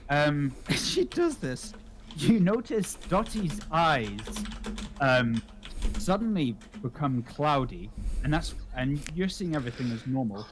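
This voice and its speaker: A man's voice: on the high side, very animated, a little slow, slight background noise. A man narrating as dungeon master for a tabletop game, describing the scene with a laugh in his voice.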